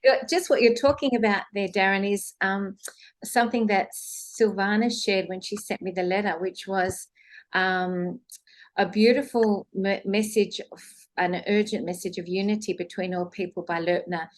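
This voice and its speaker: A woman speaks gently and hesitantly, pausing with "um" and restarting her sentences. Her voice sits at an average pitch for a woman, and she sounds casual and conversational. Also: fairly even intonation. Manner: soft-spoken, hesitant, with fillers.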